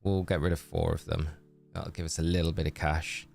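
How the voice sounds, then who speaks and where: Low-voiced man streaming a game. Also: level tone, fairly quick, creaky, a little mellow, soft background music. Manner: chatty, thinking aloud, greets chat. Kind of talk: casual game commentary.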